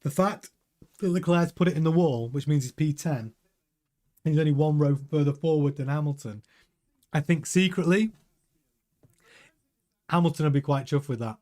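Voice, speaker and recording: A man hosting a live watch-along, commenting casually and excitably while answering viewers' chat. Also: on the high side, normal speed, pauses often.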